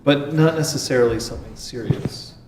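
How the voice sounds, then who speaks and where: A man narrating a tabletop game as game master, measured and dry, pausing on fillers. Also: mid-range voice, a little mellow. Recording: echoey room with faint noise.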